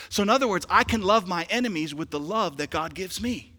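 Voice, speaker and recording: A man's voice: sits high, animated, a little fast, pushed and bright, big-room sound. A man preaching a sermon as pastor, building emphasis with rhetorical questions to his congregation. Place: church sanctuary.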